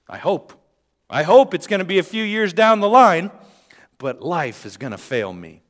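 A man preaching a sermon, shifting between quiet and loud passages and joking with the congregation. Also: medium pitch. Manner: dynamic, swings from quiet to loud. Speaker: pastor.

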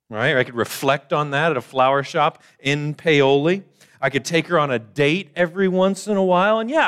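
A man's voice: fairly high pitch, a bit bright. A man preaching a conversational sermon to his church, explaining plainly and poking fun at his own jokes. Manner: casual, self-deprecating joking preacher. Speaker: pastor. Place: church service.

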